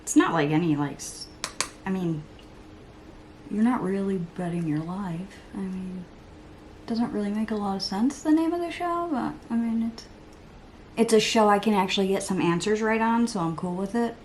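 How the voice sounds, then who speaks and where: Her tone is darkish, her pitch medium, her pace moderate, with a bit of hiss or hum in the background. This beauty vlogger in her thirties rambles through a get-ready-with-me makeup vlog at home, poking fun at herself and sometimes muttering or whispering to the side.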